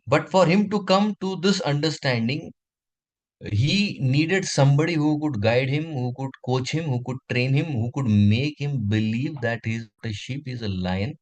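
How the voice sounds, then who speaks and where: A man's voice: medium pitch, poor audio. Man telling a moral story to kids. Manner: animated storytelling with drawn-out pauses. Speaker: teacher telling a story to children. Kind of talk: storytelling for a kids' class.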